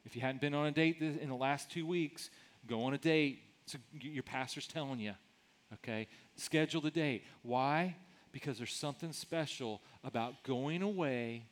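A man's voice: medium pitch, moderate pace. A middle-aged man, a pastor, preaching a sermon in a conversational way, often repeating words as he starts sentences.

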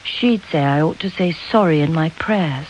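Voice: medium pitch, moderate pace, darkish tone, lo-fi sound, slight background noise, close to an everyday voice. Reader doing a blunt, cheeky young girl. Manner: blunt, scornful.

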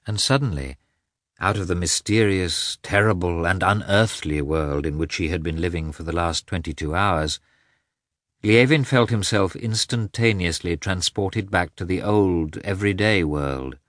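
A man giving a slow, expressive scripted reading of a novel as an audiobook narrator. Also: low voice, no echo, clean studio sound.

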